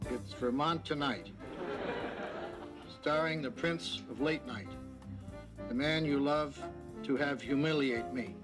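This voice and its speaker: An actor playing a mild, polite sidekick and announcer who stammers meekly in a sitcom. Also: male voice, mid-range voice, slow pace, pauses often, music in the background, natural voice. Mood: announcing. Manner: stammering, meek. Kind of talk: 1980s sitcom acting.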